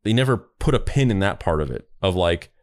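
A man's voice: sits low, lively intonation, brisk, no echo, clean studio sound. A man co-hosting a podcast in a rambling, casual discussion with frequent restarts. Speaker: podcast co-host.

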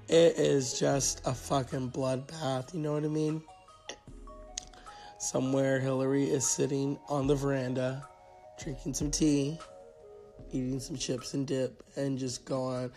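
A man's voice: medium pitch, a little mellow. A man hosting a solo podcast, ranting in a sarcastic, profane, rambling way. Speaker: podcast host. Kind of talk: casual solo podcast rant.

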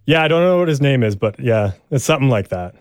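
A laid-back man co-hosting a podcast, chatting casually. His voice swings up and down in pitch, and the sound is dry and close with no room around it. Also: expressive, quick pace, no room sound. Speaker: podcast co-host. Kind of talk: casual chat.

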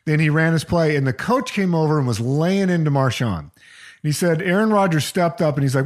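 Animated storytelling man, lively pitch. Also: a little fast. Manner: animated retelling of football stories with quoted voices. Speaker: podcast co-host. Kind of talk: casual chat, storytelling.

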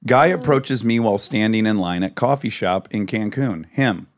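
A man hosting a podcast, reading tweets aloud in casual chat, animated and laughing, sometimes swearing. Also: fairly low pitch, normal speed. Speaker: podcast host.

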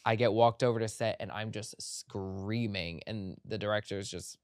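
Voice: mid-range voice, steady tone, normal speed, darkish tone, dry recording. A podcast host in casual chat, rambling and playful, full of "like" fillers, recorded in a studio.

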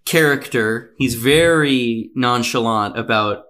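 A man hosting a podcast, telling a story from a script in a relaxed, casual way with many fillers. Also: medium pitch, slow pace. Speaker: podcast host.

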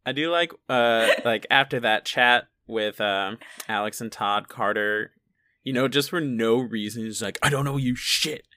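A man's voice: lowish voice, measured pace, pushed and bright, clean tone, no echo. A man co-hosting a casual chat about a horror movie, joking and profane, laughing often. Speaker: podcast co-host.

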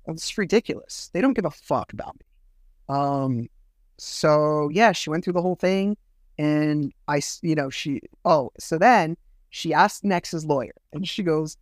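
A middle-aged man hosting a podcast, telling a personal story in a bitter, rambling way, swearing often and filling pauses with fillers. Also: a little high, animated, dry recording, studio quality. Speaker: podcast host. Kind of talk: casual solo storytelling.

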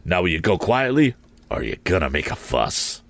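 A man's voice: deep voice, sing-song, moderate pace, vocal fry, no room sound, full character voice. A man doing a firm middle-aged balloonist deputy. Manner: firm, commanding, matter-of-fact.

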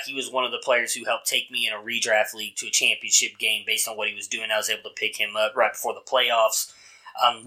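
A man's voice: medium pitch, bright, forceful tone. A man hosting a casual podcast, chatty and laid-back with loose phrasing. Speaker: podcast host.

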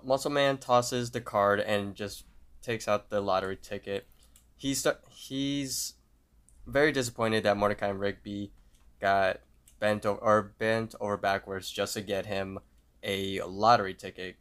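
A podcast co-host casually retells a cartoon episode, loudly acting out the characters' lines. His voice is on the low side, steady in tone, smooth, and at a normal speed.

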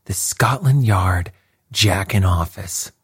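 A man voicing a fierce, furious old man who snarls and shouts, with a husky voice. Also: deep voice, takes it slowly, dry recording, clean studio sound, exaggerated voice.

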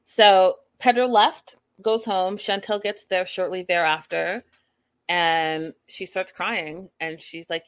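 A woman's voice: lowish voice, fairly even intonation, slow, clear, resonant tone, no room sound. A woman, casually recapping a reality show and giving her opinions as she retells the scenes. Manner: chatty, opinionated, retelling scenes in quoted dialogue.

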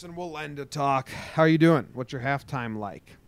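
A man's voice: medium pitch, normal speed, clean tone. A man co-hosts a podcast. His talk is loose and joking, and he swears casually as he runs through strange headlines. The sound is close and dry, with no room echo. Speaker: podcast co-host. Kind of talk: casual podcast chat and news rundown.

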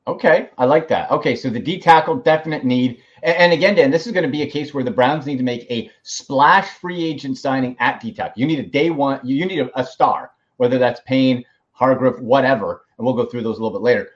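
A man hosts a casual sports podcast with a middle-pitched voice. He talks emphatically and jumps in quickly when his guest is speaking. The audio sounds dull and lo-fi. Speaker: podcast host.

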